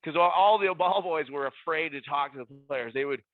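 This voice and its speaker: Over a tinny, phone-like line with no room sound, a middle-aged man speaks a little fast in a highish voice. He's a former ballboy guesting on a podcast, animatedly telling stories and voicing others' lines loudly.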